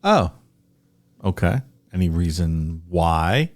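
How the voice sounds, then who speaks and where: A man's voice: deep voice, very animated, slow pace. A man co-hosting a podcast, chatting casually and asking musing questions. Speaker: podcast co-host. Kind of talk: casual chat.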